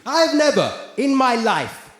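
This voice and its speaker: A man's voice: very high-pitched, takes it slowly, a little hiss or hum. A man with a London accent performing a live stand-up routine, swearing freely and acting out hecklers. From England. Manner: animated, swearing, acts out hecklers in raised voices. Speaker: stand-up comedian. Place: large live venue with audience. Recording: echoey live venue with crowd laughter.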